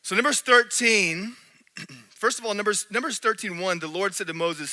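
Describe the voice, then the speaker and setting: A man preaching a sermon in a church, animated, swinging between loud and hushed. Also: high voice, normal speed. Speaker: pastor.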